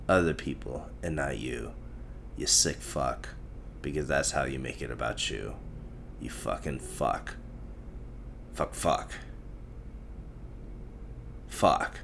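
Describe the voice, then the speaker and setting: Low-voiced man ranting profanely. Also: vocal fry, fairly bright tone, a little hiss or hum. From Tamil Nadu, India. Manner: self-mocking, emphatic repetition. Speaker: podcast host. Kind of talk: solo podcast rant.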